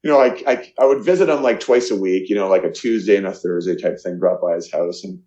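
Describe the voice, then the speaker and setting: A middle-aged man from Canada telling a personal story in an interview, earnest and halting, with many fillers and restarts. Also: deep voice, dark tone. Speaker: guest, charity founder. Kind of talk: emotional storytelling in a podcast interview. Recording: echoey, muffled lo-fi sound.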